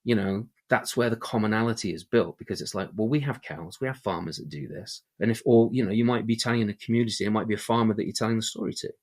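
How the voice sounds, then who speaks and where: An English man with a mid-Atlantic accent speaks as an interview guest, in a somewhat low voice. He talks in an animated, chatty way and keeps checking in with tag questions. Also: quick pace, few pauses. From England. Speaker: storyteller guest. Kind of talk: casual interview talk.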